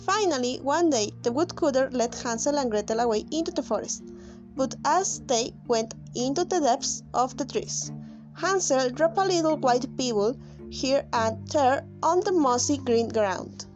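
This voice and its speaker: Young student girl reading a fairy tale, high voice, spanish first language, loud music behind. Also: animated, unhurried, rough recording. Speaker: student reader. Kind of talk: reading a story aloud.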